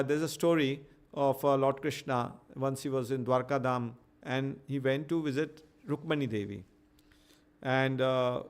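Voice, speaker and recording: A man teaching a devotional scripture class, stopping to translate himself line by line, with halting restarts. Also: fairly high pitch, creaky. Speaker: preacher.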